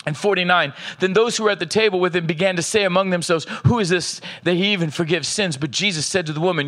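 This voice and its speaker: A man preaching a sermon, reading scripture aloud with slow emphasis and checking in with the congregation. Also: high voice, a bit bright. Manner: asks the audience "are you with me", reads scripture aloud with slow emphasis. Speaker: pastor.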